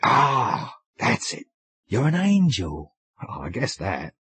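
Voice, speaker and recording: Male reader doing a rough plain-spoken sailor lad, fumbling and colloquial, husky voice, lively pitch. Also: slow pace, dry recording, heavily acted. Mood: bluff. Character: bluff, simple young male sailor, humouring and awkward. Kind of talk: audiobook character voice.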